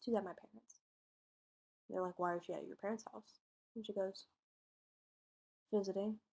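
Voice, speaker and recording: A woman's voice: mid-range voice, fairly even intonation, a little fast, creaky, darkish tone, husky. A woman co-hosting a podcast, casually retelling a true-crime case and acting out its dialogue in informal speech. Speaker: podcast co-host telling a case.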